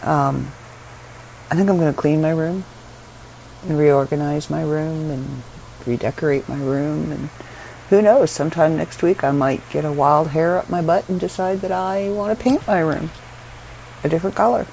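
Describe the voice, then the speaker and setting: A woman's voice: deep voice, normal speed, vocal fry, dark tone. A middle-aged woman from Canada, unwell and tired, chatting casually in a rambling way from her bedroom, with lots of ums and little laughs. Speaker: vlogger. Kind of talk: casual chat to camera. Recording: dull lo-fi sound with faint room noise.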